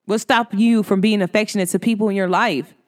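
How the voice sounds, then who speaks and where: A woman in her thirties, a host talking casually to her listeners in a lively, animated way, acting out quotes with big jumps in pitch. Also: a little fast, in a large hall. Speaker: podcast host.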